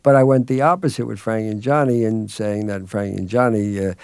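A man's voice: on the low side, steady tone, a little fast, creaky, darkish tone, smooth, dry recording. A middle-aged man being interviewed as a film director, rambling through anecdotes in a self-deprecating way and chuckling often, in a dry radio studio. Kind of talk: relaxed anecdotal interview talk.

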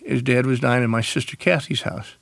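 A man, a radio interview guest telling animated stories and acting out the voices of family members. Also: mid-range voice, fairly quick, gravelly, dry recording. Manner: animated storyteller, acts out quoted voices.

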